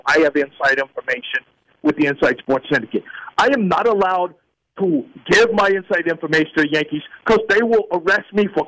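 A man plays a furious, crude Yankees fan calling a sports show, bragging and ranting. The voice sits high for a man. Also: fairly bright tone, natural voice, low-quality recording. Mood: scheming. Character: furious loudmouth male New York Yankees fan caller. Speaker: radio host playing a caller. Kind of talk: comedic sports radio bit.

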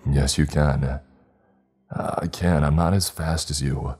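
A man voicing a protective, grizzled male demon hunter in a horror story reading, speaking in a hushed, firm, urgent way. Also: a bass voice, steady tone, slow, breathy edge, full character voice.

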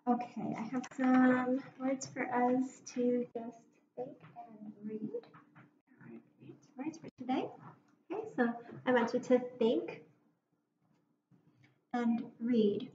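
A woman teacher giving a phonics lesson to young children, speaking slowly and clearly with encouragement. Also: a little high, fairly even intonation, warm tone. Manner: slow, clear, encouraging classroom delivery. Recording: roomy, dull lo-fi classroom recording with faint noise.

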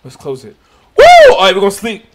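A man's voice: sits high, expressive, rapid-fire, heavy background noise. A man giving let's-play commentary on a survival game, jumpy and swearing, talking to himself as he goes. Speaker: gaming YouTuber.

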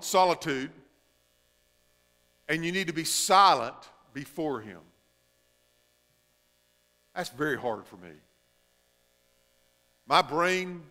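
A male pastor preaching a sermon, shifting between emphatic stretches and hushed, drawn-out phrases. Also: on the high side, in a large hall.

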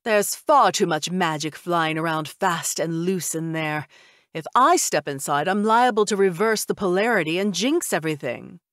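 A woman's voice: lowish voice, normal speed, a bit bright, dry recording, studio quality, natural voice. A woman voicing a proud, touchy vampire mother, speaking curtly and indignantly in an audiobook. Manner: curt, indignant. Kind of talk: audiobook character voice.

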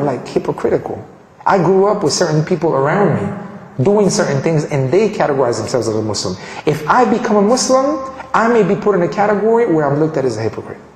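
Man telling his story in an echoey hall. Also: fairly high pitch. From Colombia. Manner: animated, frequent restarts and fillers. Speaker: convert giving a testimony. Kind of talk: personal storytelling talk. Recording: echoey hall with long reverb.

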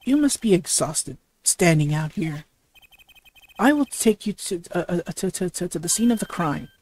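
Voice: medium pitch, very animated, normal speed, a little mellow. A reader doing a suave flirtatious rock-star prosecutor. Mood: flirting. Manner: suave, heavy stammering while reading.

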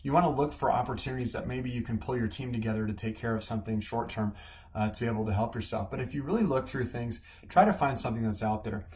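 A man from the Midwestern United States, a company CEO, giving a conversational business talk that opens with a lively personal story. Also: medium pitch, a little hiss or hum.

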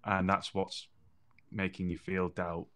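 A man's voice: low-pitched, level tone, slow, a bit bright. A man co-hosting a podcast, talking earnestly and repeating phrases for emphasis. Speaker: podcast co-host. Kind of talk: casual conversational chat.

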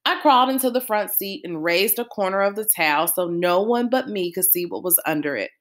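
A woman's voice: medium pitch, brisk. Woman reading a novel aloud. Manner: expressive storytelling. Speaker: reader.

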